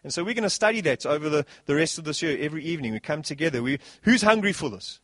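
A man preaching a sermon as pastor, animated, swinging between soft passages and loud bursts. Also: on the high side, very fast, dry recording.

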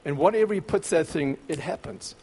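A man preaching a sermon, dramatic, dropping to a hush and then rising to shouts. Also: on the high side, a little fast, creaky, breathy edge. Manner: dramatic, swings between hushed and shouting. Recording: long hall reverb.

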